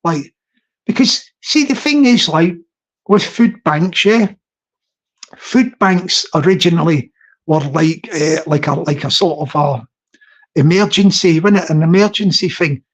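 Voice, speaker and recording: A man's voice: a little high, unhurried. A middle-aged man with a Scottish accent rambles in a casual live-stream chat as host, drifting between topics. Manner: rambling and digressive, with frequent restarts. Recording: slightly dull lo-fi recording.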